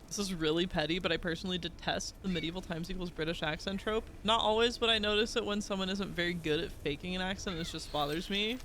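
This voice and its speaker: Guy streaming a game, high bright voice, swears a lot, laughs, rambles at chat. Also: fast, hardly any pauses, slight background noise. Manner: excitable, swears freely, laughs often; chatty, rambling asides. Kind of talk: live gameplay commentary.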